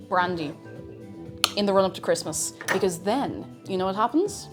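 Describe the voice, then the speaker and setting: Lively chatty woman streaming. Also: mid-range voice, normal speed. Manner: chatty, rambling and self-mocking, greets viewers. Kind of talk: casual baking livestream chat. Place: home kitchen. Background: faint music.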